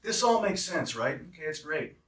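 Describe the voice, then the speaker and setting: A man's voice: on the high side, big pitch swings, normal speed, a bit bright. A man walking travel nurses through a job offer, heated and emphatic as he breaks down the hourly pay. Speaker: travel nurse staffing recruiter. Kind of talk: explanatory walkthrough with a rant. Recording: roomy echo, distant mic.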